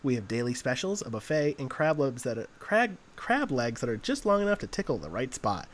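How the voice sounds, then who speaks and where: A man voicing a hammy, suggestive male TV ad announcer who pitches slowly and smarmily. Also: very animated, natural voice. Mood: smarmy pitch. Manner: slow, smarmy sales pitch full of innuendo.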